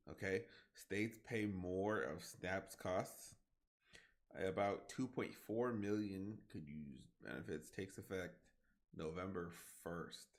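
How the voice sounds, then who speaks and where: A man in his twenties streaming a game, reading aloud haltingly and then rambling loosely with lots of fillers. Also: low voice. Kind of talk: casual livestream commentary while gaming.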